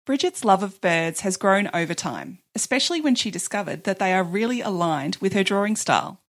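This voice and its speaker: A woman, the host of a podcast, reading scripted introductions in a clear, measured way. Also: medium pitch, animated. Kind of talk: scripted narration.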